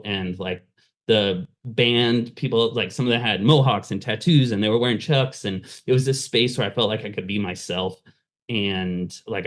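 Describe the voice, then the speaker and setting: A man, a pastor, candidly telling his life story in a casual interview, with many fillers. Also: on the low side. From Southern California. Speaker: pastor and fundraising consultant, guest.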